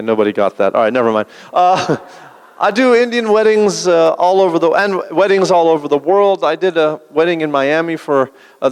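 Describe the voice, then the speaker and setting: Deadpan stand-up comic man in a hall. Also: a little high, smooth. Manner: deadpan one-liners with dry asides. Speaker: stand-up comedian. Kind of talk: stand-up comedy set. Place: large event hall. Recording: long hall reverb.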